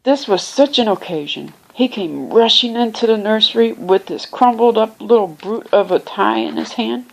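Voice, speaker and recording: A woman reading a children's classic aloud, unhurried, lifting her voice for the characters and pausing now and then to find her place or explain a word. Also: a little high, expressive, gravelly, low-quality recording. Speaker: reader. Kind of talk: amateur audiobook reading.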